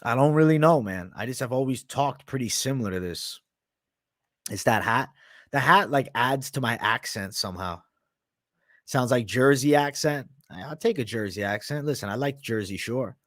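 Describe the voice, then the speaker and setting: A young man with a mixed Boston and New York sounding accent, hosting a live MMA betting show in a brash, profane, animated way, talking back to live viewers. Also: medium pitch, normal speed, no room sound, studio quality. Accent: mix of Boston, Canadian and Italian, often heard as New York. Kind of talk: live-stream commentary, casual and profane.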